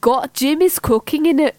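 Girl on a podcast, high voice, giggly and playful. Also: measured pace, a little mellow, no echo. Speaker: podcast co-host. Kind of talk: casual chat.

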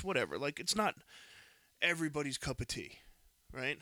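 A man's voice: a little high, normal speed, pauses often, dry recording. A man casually telling a heated, profane story on a podcast, close to the mic. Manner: animated, profane, heated retelling.

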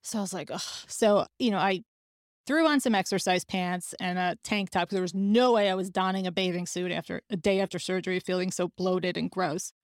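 A woman's voice: fairly low pitch, fairly even intonation, fairly quick, dry recording, clean studio sound. A woman, hosting a podcast and telling a personal story in a candid, conversational way. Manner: candid, conversational, laughs now and then. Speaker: podcast host.

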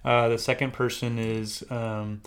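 A man's voice: medium pitch, little pitch movement, a little slow. A man co-hosting a podcast as a marriage counselor, talking earnestly and explaining things with frequent "right?" checks. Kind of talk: casual podcast chat.

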